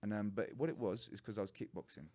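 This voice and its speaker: A man, a martial arts coach talking as a podcast guest, telling stories in a lively, animated way. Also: lowish voice, quick pace. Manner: animated storyteller who acts out other people's lines. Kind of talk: casual storytelling interview.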